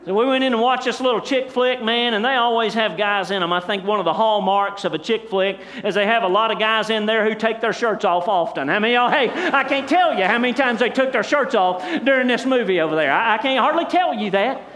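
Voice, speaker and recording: A man's voice: sits high, a little fast, few pauses, a bit bright, a little hiss or hum. A middle-aged man preaching a sermon as pastor, in a folksy storytelling way with rhetorical asides to the congregation.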